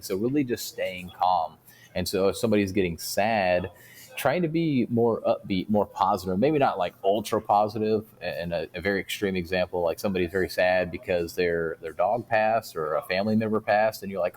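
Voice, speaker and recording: A man, a guest on a podcast interview, explaining things calmly with everyday examples. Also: on the low side, normal speed. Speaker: guest speaker. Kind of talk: casual interview talk.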